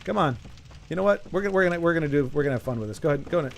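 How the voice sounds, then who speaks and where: A man's voice: fairly high pitch, lively intonation, racing, creaky, background noise. A man streaming a game, joking, rambling and talking back to his chat as he plays. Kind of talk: casual gameplay commentary.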